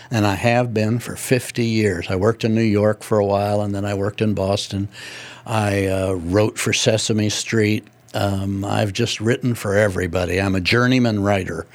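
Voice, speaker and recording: A man's voice: on the low side, gravelly. An older man from Indianapolis, an author being interviewed, telling rambling folksy anecdotes with many fillers. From Indianapolis, USA. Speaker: author guest. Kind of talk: conversational storytelling.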